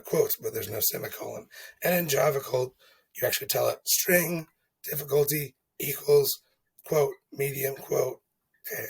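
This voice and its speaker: Thinking out loud in a chatty way, a man explains coding exercises in a casual screen-recorded lesson, regularly asking "okay?" to check in. He has a gravelly, mid-range voice with a breathy edge, captured in a low-quality recording.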